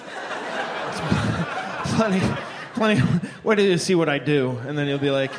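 A man's voice: on the high side, lively intonation, measured pace, background noise. A man opening a stand-up set with wry, self-deprecating remarks. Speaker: stand-up comedian. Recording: live stage with loud music and crowd.

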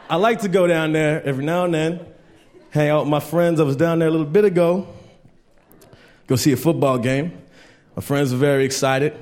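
A man doing a stand-up set on a club stage, telling stories loosely and shouting his acted quotes, with laughter from the crowd. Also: on the high side. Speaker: stand-up comedian.

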